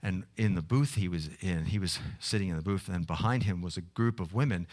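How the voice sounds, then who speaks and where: A man preaching a sermon, telling a story with many halting restarts, then leading a prayer. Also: low-pitched, darkish tone.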